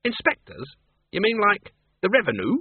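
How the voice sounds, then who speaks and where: A man voicing a blunt older countrywoman farmer who talks briskly and scornfully. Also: mid-range voice, wildly swooping pitch, husky, dry recording, voice pushed up. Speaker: narrator voicing a character. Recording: tinny radio broadcast.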